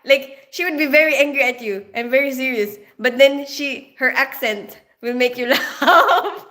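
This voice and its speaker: Reading her stream's chat, this Filipina host laughs and says hello to viewers by name in a casual exchange. She has a Filipino accent and a high-pitched, bright, forceful voice delivered at a measured pace.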